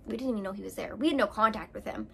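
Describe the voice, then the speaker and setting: A woman's voice: medium pitch, racing, vocal fry, breathy edge. A woman vlogger telling a personal story to camera in a casual, rambling way, full of fillers and restarts.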